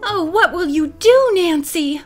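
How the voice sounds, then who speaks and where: A fretful, motherly housekeeper, read by a woman, full of doleful worry. Her voice sits high and moves slowly, in a storybook reading. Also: animated, fairly bright tone, faint music behind. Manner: doleful, worried fussing.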